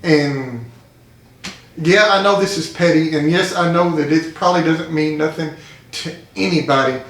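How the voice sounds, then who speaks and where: A man's voice: fairly high pitch, normal speed, fairly bright tone. Earnest man telling his story. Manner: earnest, storytelling, repeats phrases for emphasis. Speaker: support group member. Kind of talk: emotional personal testimony. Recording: echoey room.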